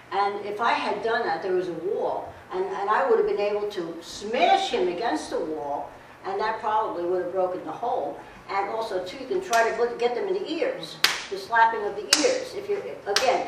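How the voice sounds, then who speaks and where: A middle-aged woman giving a blunt, streetwise safety talk to a class, repeating herself as she demonstrates. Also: mid-range voice. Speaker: guest speaker on safety. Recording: echoey room recorded from far, noisy.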